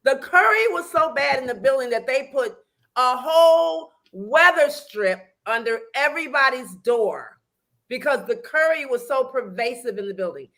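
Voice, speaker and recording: Woman host, lively, very high voice, bright and sharp tone. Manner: lively, asks questions, quick interjections. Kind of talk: casual talk show chat.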